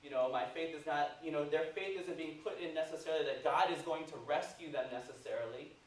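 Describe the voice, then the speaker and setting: A man's voice: fairly high pitch, brisk. Male preacher in an echoing church. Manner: animated storytelling, frequent "right?" asides. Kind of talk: sermon. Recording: echoey church hall, mic at a distance, faint hiss.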